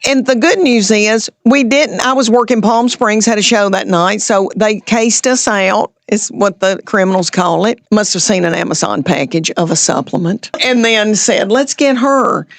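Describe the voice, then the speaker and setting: A middle-aged woman from Tennessee with a Southern accent, telling stories as a comedian guest on a podcast, lively and chuckling as she goes. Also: medium pitch, moderate pace, creaky, few pauses, no echo. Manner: lively anecdotal telling, chuckles mid-sentence. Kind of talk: chatty podcast storytelling.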